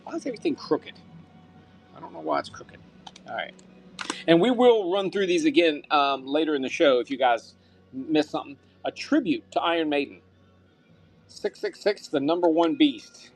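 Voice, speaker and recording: A man's voice: on the high side, animated, moderate pace, soft background music. A man hosting a live-stream auction, upbeat and thanking buyers by name, sometimes muttering to himself as he handles items.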